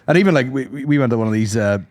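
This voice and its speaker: A man's voice: mid-range voice, lively intonation, very fast, a little mellow, dry recording, studio quality. A man co-hosting a podcast, telling rambling, sweary comic stories and acting out voices. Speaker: podcast co-host. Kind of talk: casual comedic storytelling.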